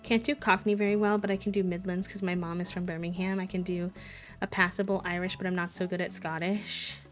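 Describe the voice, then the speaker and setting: A woman's voice: fairly low pitch, little pitch movement, fairly quick, faint music behind. A woman from Wisconsin chatting casually and rambling as a live streamer while she plays a video game. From Wisconsin, USA.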